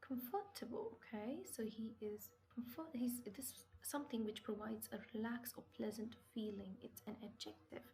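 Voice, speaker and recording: A woman patiently walks a class through English vocabulary, slowly asking questions and supplying the answers herself, with stress on key words. Her voice is on the high side and warm, but the recording quality is low.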